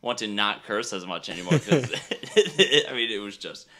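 A man's voice: lowish voice, big pitch swings, normal speed, sharp tone. A man hosting a podcast, chatting casually about a movie, laughing often and acting out lines in silly voices. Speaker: podcast host. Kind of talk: casual movie review chat.

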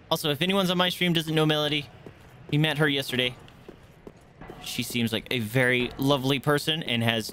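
A man streaming a game live, talking through his fights with frequent swearing, greeting viewers and chatting to his dogs. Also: mid-range voice. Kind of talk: live gameplay commentary.

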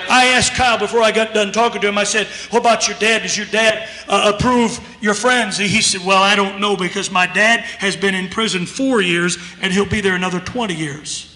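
A man's voice: high voice, fairly even intonation, a little fast, hardly any pauses, bright, forceful tone. A man preaching a sermon in a church, telling a story emphatically and acting out both sides of a conversation. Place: church sanctuary. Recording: echoey church hall with long reverb.

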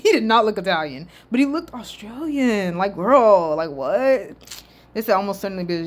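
Animated, swearing woman vlogger. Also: mid-range voice. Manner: animated, swears, laughs often. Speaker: reaction video host. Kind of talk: casual reaction commentary.

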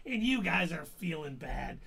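A man's voice: a little high, very animated, a little slow, creaky, a bit bright, slight background noise. A man co-hosting a casual podcast chat who drops dry, sarcastic quips. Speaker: podcast co-host.

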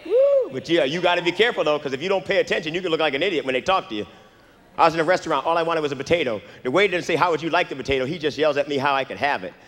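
A man's voice: fairly high pitch, racing, fairly bright tone. A man performing a stand-up comedy set, with a brash, punchy delivery and crowd work. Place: comedy club stage. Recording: live club recording with long reverb.

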